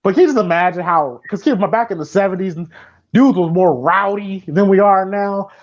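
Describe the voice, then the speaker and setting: A man co-hosting a casual movie commentary podcast, profane and excitable, rambling with lots of fillers. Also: high voice, a little fast, lo-fi sound. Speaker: podcast co-host.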